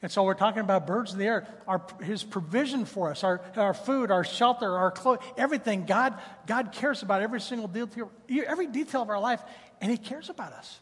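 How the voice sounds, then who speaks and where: A man in his fifties delivers a sermon with a high-pitched, husky voice. He moves between scripture and chatty personal stories. His words ring out with the long reverb of a church hall. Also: a little fast, fairly bright tone. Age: 50s. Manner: conversational preaching mixed with personal stories. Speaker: pastor. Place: church sanctuary.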